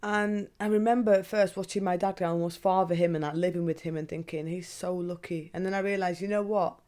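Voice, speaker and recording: A woman's voice: mid-range voice, steady tone, fast, mellow, clean tone. Candid woman podcasting. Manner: candid, swears freely, asks herself questions. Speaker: podcast host. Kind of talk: casual monologue.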